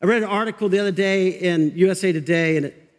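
Fired-up high-voiced pastor preaching. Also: male voice, fast talker. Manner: fired-up, conversational preaching with laughs. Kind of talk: energetic sermon. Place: church sanctuary. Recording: long reverb of a large hall.

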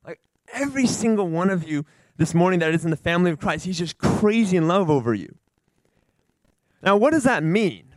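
A man giving an earnest, animated testimony to a church gathering, rambling and restarting as he talks. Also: high-pitched, fairly quick, dry recording, poor audio. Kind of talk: informal sermon sharing.

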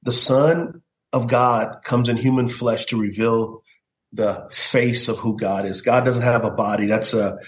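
A man's voice: medium pitch, steady tone, unhurried. Middle-aged american pastor man, earnest testimony, echoey room. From United States. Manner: earnest storytelling, acts out quoted voices. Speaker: pastor, guest. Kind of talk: personal testimony in an interview.

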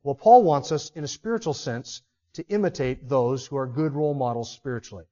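A man's voice: medium pitch, fairly quick, mellow, dull audio. A man preaching a sermon to his congregation, emphatic and putting rhetorical questions to them. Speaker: pastor.

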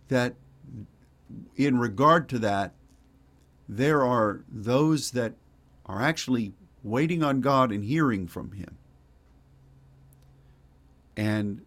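A male pastor preaching a sermon in a folksy, digressive way with wry asides. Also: medium pitch.

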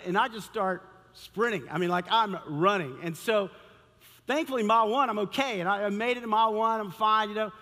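A man preaching a sermon through a humorous personal story, acting out his own thoughts and the people around him with lively, animated delivery. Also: very high-pitched. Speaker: pastor. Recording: long hall reverb.

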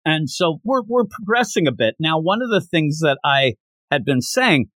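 Lively man retelling manga chapters. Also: fairly high pitch, normal speed, no echo. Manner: animated retelling with acted-out quotes. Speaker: podcast co-host. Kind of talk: casual manga discussion.

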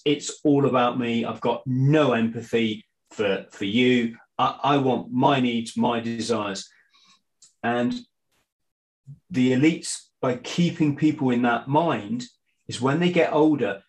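A middle-aged man, a guest in a casual conversation, talking in a halting way with frequent restarts and fillers. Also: mid-range voice, low-quality recording. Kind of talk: casual conspiracy chat.

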